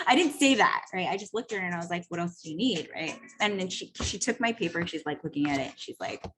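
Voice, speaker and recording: Over music, a personal growth coach with a lowish voice talks fast through a casual storytelling monologue. She's chatty and swears, filling her speech with "like" and "right?", and animatedly acts out the voices she quotes.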